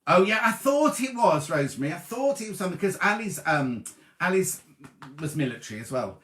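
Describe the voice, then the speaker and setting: A man's voice: high voice, brisk. A man hosting a casual sewing show, chatting and reading out viewers' greetings. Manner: chatty, reads out viewer greetings with lively asides. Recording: roomy echoey room.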